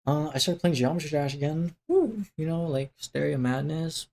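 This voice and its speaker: This young vlogger's casual life update wanders, full of fillers, restarts and self-interruptions. His voice is a little high, gravelly yet a little mellow, brisk and fairly even in intonation.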